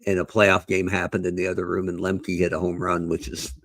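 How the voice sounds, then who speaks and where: A man's voice: sits low, monotone, brisk, a bit bright, dry recording. A man co-hosting a casual podcast who tells stories with animation and laughs often. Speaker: podcast co-host.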